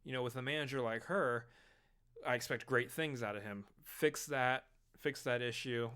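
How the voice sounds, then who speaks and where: A man's voice: mid-range voice, moderate pace, pushed and bright, clear, resonant tone. Man recapping a match in casual chat. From Texas. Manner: rambling recap with restarts, teasing banter. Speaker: podcast co-host.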